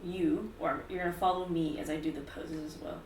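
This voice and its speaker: A woman voicing a patient young male fighter who teaches combat forms in a tabletop game, speaking gently in a slightly lowered voice. Her voice is picked up from a distance in a roomy space with faint ambience. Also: steady tone, a little fast, a little hiss or hum, lightly acted. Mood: coaching.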